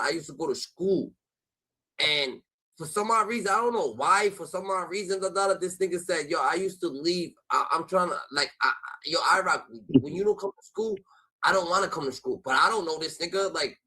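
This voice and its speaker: A man telling a rowdy street story in casual chat, heavy with slang and cursing, jumping in pitch whenever he acts out other people. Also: brisk, poor audio. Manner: animated storytelling, acting out quoted voices with jumps in pitch. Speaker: host.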